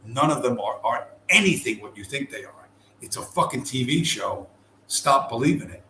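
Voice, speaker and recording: A man's voice: medium pitch, lively intonation, moderate pace, sharp tone. Profane rambling man in echoey room. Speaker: podcast host. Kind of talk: casual rant. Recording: echoey room with faint ambient noise.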